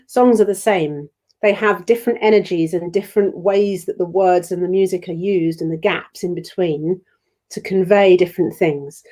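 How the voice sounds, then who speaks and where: A British woman leading an online choir rehearsal, explaining phrasing gently and singing short lines to demonstrate. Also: on the low side. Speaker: choir leader.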